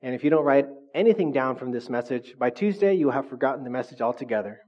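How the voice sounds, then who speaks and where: A man's voice: mid-range voice, lively intonation, fast talker, a little mellow, dull audio. Chatty man preaching a sermon. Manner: conversational, frequent "right?" tags. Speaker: pastor.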